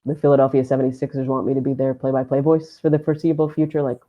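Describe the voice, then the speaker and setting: A woman sports announcer telling a story in a podcast interview, animated and laughing often as she acts out what people said. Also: extremely low pitch, very fast, lo-fi sound. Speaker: sports play-by-play announcer, guest.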